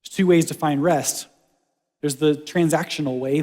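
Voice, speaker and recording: A man delivers a casual, conversational sermon, his voice sitting a little high for a man. He shifts between animated, rising lines and hushed, gentle ones. His voice rings out in a hall with a long reverb. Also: normal speed. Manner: conversational, animated, drops to soft quiet lines for God's words. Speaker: pastor.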